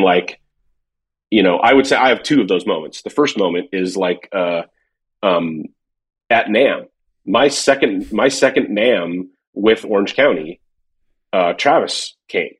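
A man talks casually, spinning long stories with restarts and fillers. His voice sits a little low and has a husky, breathy edge. He sounds relaxed and conversational. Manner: rambling storyteller, many fillers and restarts. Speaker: former drum company worker telling stories. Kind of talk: casual podcast chat.

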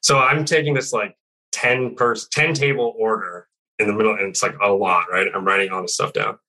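Rambling man telling a story, bright-voiced. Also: lowish voice, fairly even intonation, normal speed, poor audio. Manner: rambling, heavy on "like", swears a lot. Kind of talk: casual podcast chat.

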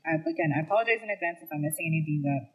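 A woman's voice: low voice, animated, very fast, slightly rough, dull audio. A woman co-hosting a true crime podcast, switching between casual banter and reading case facts, often laughing and stumbling over names.

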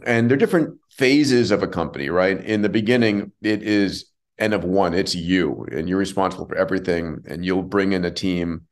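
A man's voice: deep voice, normal speed. A man hosting a podcast, explaining ideas earnestly and affirming his guest. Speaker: podcast host. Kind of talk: conversational podcast.

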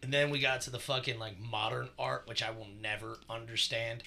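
Profane, rambling bright-voiced man. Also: medium pitch, steady tone, brisk, vocal fry, slight background noise. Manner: profane, rambling, full of fillers. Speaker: podcast co-host. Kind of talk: casual storytelling chat.

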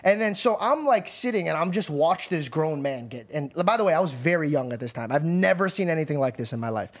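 A young man hosting a podcast, telling a story in a casual, animated way with laughter and swearing. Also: on the high side, fast. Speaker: podcast host.

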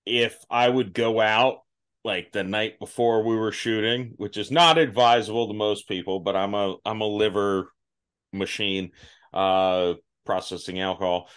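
A man's voice: fairly low pitch, fairly bright tone. A man hosting a podcast, telling acting stories in a casual, self-deprecating way and laughing at himself. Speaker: podcast host. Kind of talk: casual interview chat.

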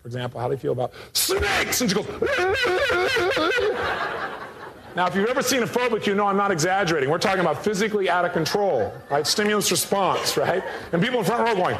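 A man's voice: high voice, fast, few pauses, background noise. A man who works as a motivational speaker, from the United States, telling a story to a live audience and acting out the people in it. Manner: animated, acts out voices in his story.

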